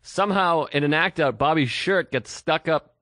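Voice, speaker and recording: A man co-hosting a podcast, telling stories in casual chat, animated and swearing freely as he acts out what people said. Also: fairly high pitch, normal speed, dry recording, studio quality. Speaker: podcast co-host.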